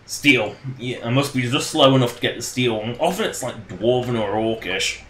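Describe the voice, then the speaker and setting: A man's voice: medium pitch, expressive, normal speed, fairly bright tone, reverberant, a little hiss or hum. A man casually commenting on his game during a livestream, rambling and joking and laughing at his own jokes. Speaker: game streamer.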